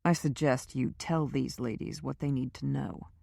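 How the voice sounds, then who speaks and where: A woman voicing a calm, quietly menacing man in an audiobook thriller. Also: medium pitch, normal speed, vocal fry, no room sound, studio quality. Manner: calm, firm, quietly threatening.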